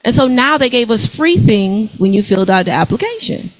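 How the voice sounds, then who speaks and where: A young adult woman, giving an animated motivational money talk to a live audience, calling out questions to the crowd. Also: fairly high pitch, fairly quick, rough recording. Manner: animated, preachy, calls out to the crowd. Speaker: workshop speaker.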